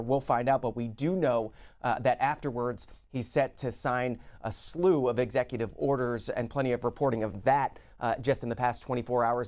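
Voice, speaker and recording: A man on live television walking viewers through news headlines in a steady, informative way. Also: mid-range voice. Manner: steady, informative, reads quotes. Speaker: TV news host.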